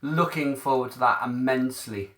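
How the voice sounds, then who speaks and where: Here the beer reviewer has a mid-range, slightly bright voice and keeps a moderate pace. He's doing a casual live-stream unboxing through his mobile phone camera, cheerfully chatting and responding to viewers' comments out loud.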